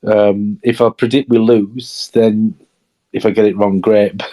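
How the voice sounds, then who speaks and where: A man's voice: on the low side, level tone, takes it slowly, dark tone. A man chatting casually as a podcast co-host, hesitant, with many restarts. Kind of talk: casual chat.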